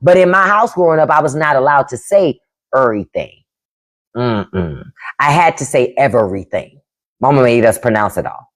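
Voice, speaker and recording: A woman hosting a casual livestream chat with viewers, animated, laughing often and mimicking family speech. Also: low voice, fairly quick. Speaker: podcast host on a livestream.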